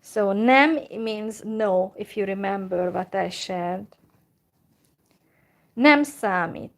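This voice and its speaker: Slow, careful woman teaching phrases. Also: medium pitch. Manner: slow and careful, repeats phrases, many fillers. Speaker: language teacher. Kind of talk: slow informal language lesson.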